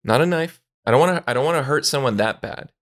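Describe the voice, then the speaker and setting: A man's voice: mid-range voice, fast talker. A man co-hosting a podcast, chatting casually with lots of fillers. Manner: relaxed, lots of fillers, bursts into shouted quotes. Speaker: podcast co-host. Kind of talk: casual chat.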